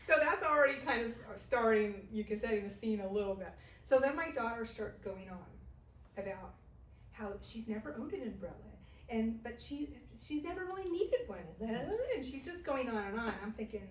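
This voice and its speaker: A middle-aged Southern California woman with a fairly high voice at normal speed tells a personal story at a women's Bible study, laughing often and acting out what people said. The church meeting room is echoey, picked up by a distant mic with faint hiss.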